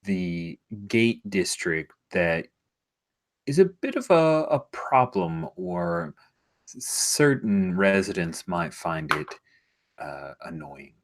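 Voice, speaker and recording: A man running a tabletop role-playing game, explaining the setting in an animated way and sometimes dropping to a hushed whisper. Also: sits low, slow. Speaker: game master.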